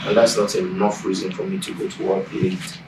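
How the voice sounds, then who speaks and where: Low-voiced stern boss, curt, echoey room. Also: male voice, flat delivery, fairly quick, vocal fry, background noise. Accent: Nigerian. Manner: curt, lecturing and impatient. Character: stern businessman husband and company boss. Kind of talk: Nollywood film acting.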